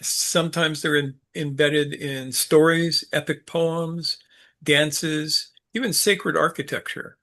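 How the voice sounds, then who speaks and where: A man giving an unscripted teaching talk, halting and full of fillers, with a dry sense of humor. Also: fairly high pitch, steady tone, fairly bright tone. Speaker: speaker leading a study group talk.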